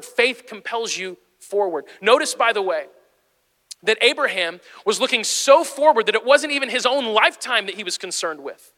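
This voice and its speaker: A man's voice: high voice, normal speed. A man in his thirties, a pastor preaching a sermon, telling a personal story and building to urgent encouragement. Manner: storytelling, animated, rising to urgent exhortation. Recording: long hall reverb.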